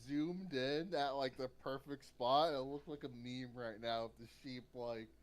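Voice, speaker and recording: Guy co-hosting a comic podcast, animated and amused, reacting to panels. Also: mid-range voice, a little slow. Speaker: podcast co-host. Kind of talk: casual comic review chat.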